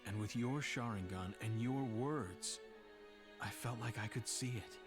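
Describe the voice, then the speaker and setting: An actor playing an earnest, gentle young man in a dubbed game cutscene. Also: mid-range voice, unhurried, natural voice. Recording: game audio with music.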